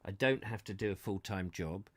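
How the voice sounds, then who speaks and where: Earnest, halting man in his fifties. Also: on the low side, no echo. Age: 50s. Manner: halting and rambling, full of restarts and searching for words; earnest and heartfelt. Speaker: host of a live reading channel. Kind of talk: casual live chat to viewers. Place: his own studio.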